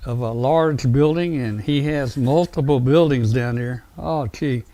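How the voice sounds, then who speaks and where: A man hosting a casual live show, talking in a rambling, excitable way with many fillers and restarts. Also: mid-range voice, dry recording. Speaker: host.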